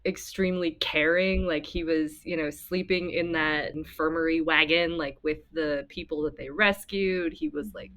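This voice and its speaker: A woman co-hosting a podcast, talking about a movie in a relaxed, agreeable way. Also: sits low. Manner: relaxed, agreeable, quick to laugh. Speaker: podcast co-host. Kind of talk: casual film discussion.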